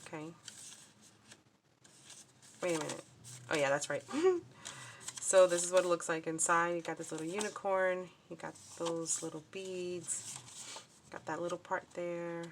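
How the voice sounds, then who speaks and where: A woman's voice: lowish voice, a little slow, long pauses, slight background noise. Chatty woman showing off crafts. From New Jersey, USA. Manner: chatty, scattered, many fillers and restarts. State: upset and shaken. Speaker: crafting vlogger. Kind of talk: casual crafting show-and-tell.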